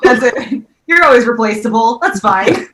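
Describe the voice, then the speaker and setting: A woman's voice: on the high side, lively intonation, normal speed, fairly bright tone, a little hiss or hum. A woman co-hosting a comedy chat, reacting to a story with amusement. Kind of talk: casual chat. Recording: roomy, distant mic.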